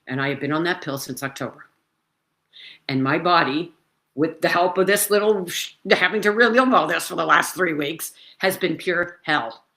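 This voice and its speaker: A woman in her seventies sharing her own story in casual talk, animated and emphatic, talking with her hands, into a computer mic indoors. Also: lowish voice, moderate pace. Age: 70s.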